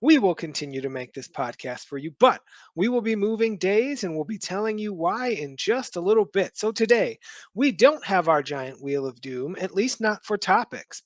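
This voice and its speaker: A man's voice: high-pitched, no echo. A man hosting a podcast, opening the episode with playful, upbeat patter. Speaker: podcast host. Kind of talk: casual podcast intro.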